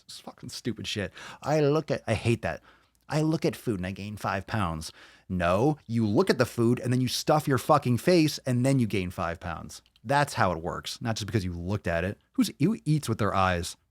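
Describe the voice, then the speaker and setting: A man hosting a live podcast, swearing constantly and ranting loudly between viewer comments. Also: lowish voice, moderate pace, dry recording, studio quality. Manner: swears constantly, loud and animated; reads viewer comments aloud. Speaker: podcast host. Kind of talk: profane live-stream rant.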